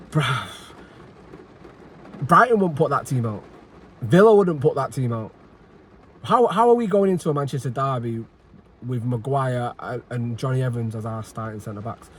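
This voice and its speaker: A man's voice: medium pitch, slightly rough. Agitated, sweary man ranting. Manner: frustrated, sweary, repeats himself, sighs. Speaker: football fan channel host. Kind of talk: angry post-match reaction rant.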